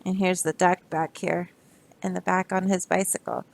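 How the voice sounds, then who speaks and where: A woman teacher reading a picture book aloud to children, expressive and adding little asides to her listeners. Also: fairly low pitch, moderate pace, creaky, no echo.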